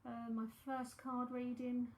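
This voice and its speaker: A chatty woman in her forties with a South London accent, talking in a slightly high voice as she gives readings and answers questions. Her breezy, aside-filled talk rings out in a roomy, echoey space. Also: completely flat delivery, measured pace, a little hiss or hum. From South London, England. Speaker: psychic medium and tarot reader. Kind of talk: live-streamed psychic reading and chat. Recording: echoey room.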